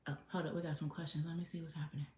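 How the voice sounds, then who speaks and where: A woman's voice: low voice, little pitch movement, rapid-fire, darkish tone. Chatty woman hosting a sewing livestream. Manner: chatty, talks to herself, reads viewer comments aloud. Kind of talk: casual livestream chat while sewing. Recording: echoey room with faint noise.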